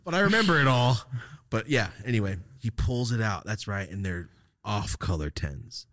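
A man's voice: fairly low pitch, expressive, normal speed, a bit bright. A man hosting a podcast, telling a rambling, profane story in casual chat and acting out the lines of people in it. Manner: profane, rambling, acts out quotes. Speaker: podcast host.

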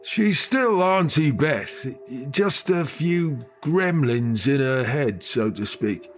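A man's voice: a little high, lively intonation, slow pace, soft background music, voice pushed up. A man voicing a worn-out middle-aged uncle near tears, weary and defeated. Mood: gentle. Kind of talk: audio drama narration.

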